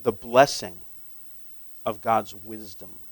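A man's voice: fairly low pitch, fairly even intonation, takes it slowly, no echo, low-quality recording. Conversational man preaching a sermon. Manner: conversational, asks the audience questions; grows emphatic and loud when stressing points.

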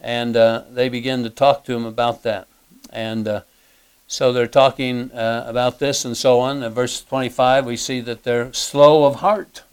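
Halting, throat-clearing male Bible teacher. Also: medium pitch, flat delivery. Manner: halting, full of fillers and frequent throat clearing; reads scripture aloud in older English.

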